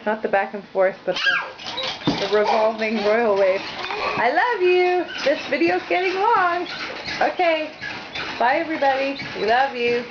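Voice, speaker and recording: A woman's voice: high-pitched, expressive, measured pace. A woman filming her toddler at home, chatting to her in a playful, cooing sing-song on a handheld camera. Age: adult. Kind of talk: home video chat to a toddler. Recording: muffled home video, background noise.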